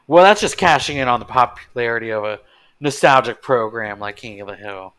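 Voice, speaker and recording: A man's voice: mid-range voice, a little fast, a bit bright, clear, resonant tone. A man co-hosting a podcast, chatting casually and making dry, wry remarks. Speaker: podcast co-host. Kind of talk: casual chat.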